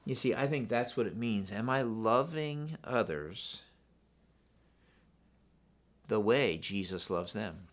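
A pastor preaches a sermon in church, earnest and repeating phrases, often putting questions to the congregation. His voice is lowish with lively intonation, slow and full of pauses.

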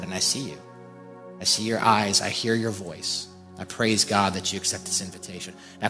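Pastor guy preaching hard, low voice, repeats himself, big echoey church w/ soft music under. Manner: fervent, repetitive, emphatic. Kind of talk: sermon altar call. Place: large church hall with congregation. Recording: reverberant church hall with faint music.

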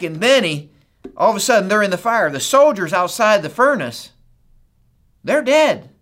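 A man's voice: sits high, fairly bright tone. A male pastor giving a sermon, telling a story with animation, acting out the quoted lines and often asking the listeners "right?".

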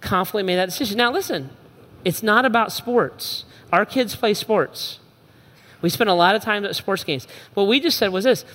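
A middle-aged man preaches a sermon in a high, bright voice. He tells family stories, acts out his kids' voices, and swings from shouting to soft, low asides. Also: moderate pace, big-room sound. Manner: storytelling with acted-out voices of his kids. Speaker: pastor.

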